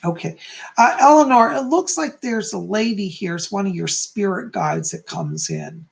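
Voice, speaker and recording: A man's voice: high voice, big pitch swings, normal speed, vocal fry. A man hosting a live-stream psychic reading, answering viewers in a chatty, reassuring way and often ending points with "okay?". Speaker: psychic host.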